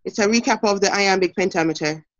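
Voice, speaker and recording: A woman's voice: mid-range voice, quick pace. A woman with a Jamaican accent teaching an online class, giving instructions in an encouraging way with fillers. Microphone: video call. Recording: muffled video call audio.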